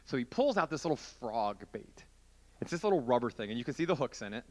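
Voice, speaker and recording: A man preaching to a youth group, telling a long story in a chatty, animated way and acting out the scenes as he goes. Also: mid-range voice, quick pace. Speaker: youth pastor.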